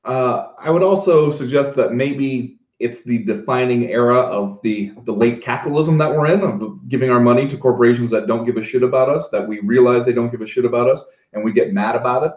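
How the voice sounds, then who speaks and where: A man's voice: mid-range voice, a little fast. A man co-hosting a podcast, chatting casually with enthusiasm and wry self-deprecating asides. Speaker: podcast co-host. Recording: roomy, dull lo-fi sound.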